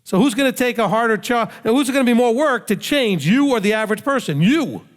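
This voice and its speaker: A male rabbi teacher with an extremely high, expressive voice speaks briskly in a conversational sermon. He's emphatic, posing rhetorical questions and answering them himself, with long hall reverb on the recording.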